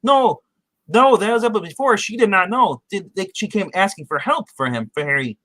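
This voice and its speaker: Man, podcast co-host, high bright voice, rambling recap with restarts, dry sound. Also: lively intonation, fairly quick, no echo. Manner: rambling, many restarts and acted-out quotes. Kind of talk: casual TV episode recap chat.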